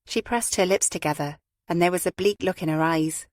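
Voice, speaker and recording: A woman with a lowish voice reads a crime audiobook in measured, even scripted narration, recorded dry at studio quality.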